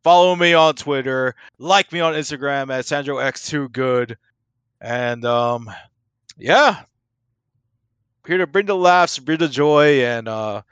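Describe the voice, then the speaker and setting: A man's voice: medium pitch, takes it slowly, fairly bright tone, clean tone, no echo. Man, casual podcast co-host, filler-heavy rambling, dead dry room. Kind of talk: casual profane chat.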